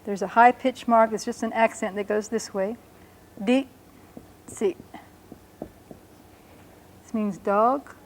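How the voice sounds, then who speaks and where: A woman teaching a language lesson, explaining patiently and sounding out words slowly and carefully. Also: on the high side, fairly even intonation, slight background noise.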